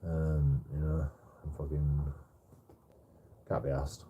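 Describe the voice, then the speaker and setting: A man's voice: extremely low pitch, flat delivery, slow pace, warm tone, a little hiss or hum. A young man telling a rambling story on a livestream, swearing often, stammering and restarting his sentences.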